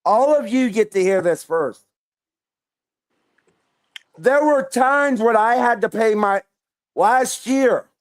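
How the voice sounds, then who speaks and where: A man on a panel, speaking haltingly and often restarting his sentences. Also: high-pitched, no room sound, studio quality. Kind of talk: heated panel discussion.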